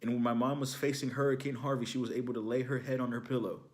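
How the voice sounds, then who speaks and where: With a flat delivery and a quick pace, a young man from Houston, Texas, USA, speaking in a medium-pitched voice, gives an inspirational ministry testimony. He recounts the story informally, sprinkling in fillers such as "you know, like."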